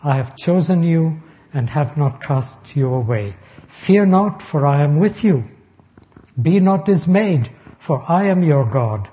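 Slow, deliberate male preacher. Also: on the high side, lo-fi sound. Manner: slow, deliberate reading of scripture with emphatic rises. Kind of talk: sermon, Bible exposition.

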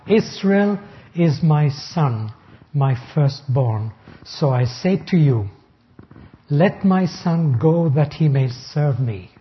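A man preaching a sermon, working slowly and deliberately through scripture passages. His voice sits a little high for a man, and he lifts it for emphasis on key phrases. The recording sounds dull and lo-fi. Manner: slow, deliberate reading of scripture with emphatic rises. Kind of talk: sermon, Bible exposition.

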